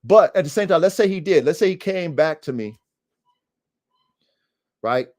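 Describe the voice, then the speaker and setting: A man's voice: a little high, animated, moderate pace, darkish tone. A man hosting a casual dog training podcast, talking animatedly and straight to his listeners. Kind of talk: casual livestream talk.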